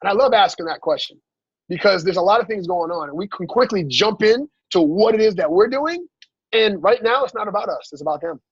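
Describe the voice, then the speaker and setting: A man coaching his team in a motivational training talk, energetic and asking "right?" after every point. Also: high-pitched, fairly quick, husky, no room sound. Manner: energetic, repeats "right?" often, acts out dialogue. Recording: dull lo-fi sound.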